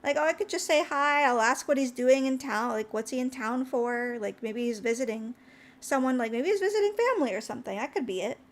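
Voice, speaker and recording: Sounding tired but brisk, a young VTuber with a high voice rambles through a story on stream. Her telling is chatty and animated, and her pitch leaps up whenever she voices someone else.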